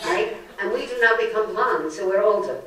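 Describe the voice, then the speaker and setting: A very noisy recording catches an older Brooklyn woman giving a funny lecture full of stories and jokes in a library meeting room. Her voice is medium-pitched and fairly quick, heard through a distant mic in an echoey space.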